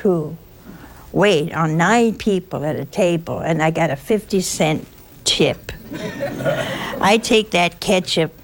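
A woman's voice: on the low side, slow pace, pauses often, slight background noise. A woman giving an informal sermon, telling chatty, teasing stories with a folksy touch. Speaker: religious speaker.

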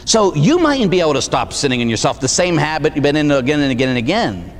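Animated preaching priest in an echoing hall. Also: male voice, on the high side, fast talker. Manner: animated storytelling, acts out dialogue, tags lines with "huh?". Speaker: Catholic priest. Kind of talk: sermon. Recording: faint noise, long hall reverb.

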